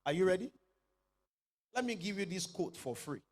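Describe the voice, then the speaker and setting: A middle-aged male pastor delivers a sermon in a fairly high, husky voice. His pitch swings widely as he calls on the congregation to repeat after him and rises to shouted exclamations. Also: animated, moderate pace. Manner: preaching with call-and-response, rising to shouted exclamations.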